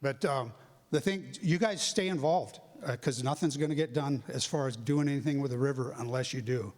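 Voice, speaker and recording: A man's voice: mid-range voice, normal speed, a little mellow. A man resident giving a rambling, informal public comment at a community meeting. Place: school meeting hall. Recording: long reverb of a hall.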